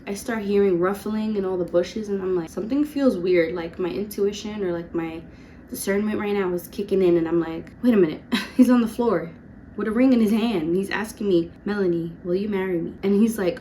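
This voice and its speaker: Woman, twenties, chatty storytime vlogger, filler-heavy and animated, faint hiss behind. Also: mid-range voice. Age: 20s. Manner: chatty, lots of "like", quick laughs. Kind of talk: casual storytime vlog.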